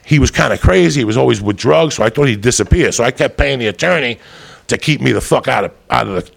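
A man's voice: medium pitch, expressive, quick pace. A man telling a rambling, profane comic story, often laughing as he goes. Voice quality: gravelly.

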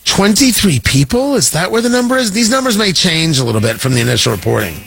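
Sarcastic high-voiced man hosting commentary. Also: quick pace, creaky, faint music behind. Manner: sarcastic, animated, shifts pitch for emphasis. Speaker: political commentary host. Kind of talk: opinionated monologue.

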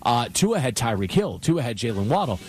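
A man co-hosting sports talk radio, reasoning through his points in a quick, conversational way. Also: mid-range voice, sing-song, faint music behind.

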